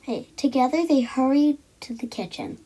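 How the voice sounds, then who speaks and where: A woman reads a children's storybook aloud, with a lightly high, breathy voice. She acts out the characters and often drops into soft whispers. The pacing is gentle and playful. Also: normal speed, rough recording. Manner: lively, acted character voices with frequent soft whispered asides. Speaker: storyteller reading a children's book.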